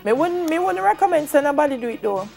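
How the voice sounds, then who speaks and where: A woman's voice: sits high, lively intonation, fast, creaky, darkish tone, soft background music. A young Jamaican woman co-hosting a morning TV chat, playful and teasing, slipping into patois. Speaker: morning show co-host. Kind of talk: casual studio chat.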